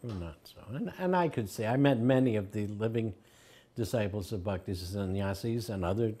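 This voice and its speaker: A man's voice: fairly low pitch, normal speed, mellow. An older man recalling his teacher in an interview, telling anecdotes and acting out the quoted voices with a chuckle.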